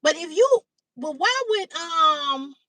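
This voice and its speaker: A woman hosting a livestream, telling a story to her chat in a blunt, animated way, swearing freely and greeting viewers by name. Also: very high-pitched, slow, dry recording. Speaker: livestream host. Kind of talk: casual storytelling to live chat. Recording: dry, slightly distant mic.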